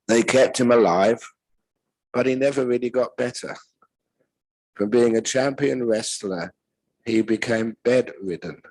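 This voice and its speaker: A man, a Buddhist monk teacher, giving a retreat talk with gentle, unhurried storytelling and pauses. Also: medium pitch, dry recording, low-quality recording.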